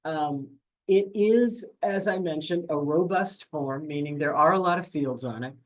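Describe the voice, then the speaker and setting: A grants administration staff member walking viewers through an online portal in a webinar, talking fast with frequent fillers and self-corrections. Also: mid-range voice. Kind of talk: webinar screen-share walkthrough.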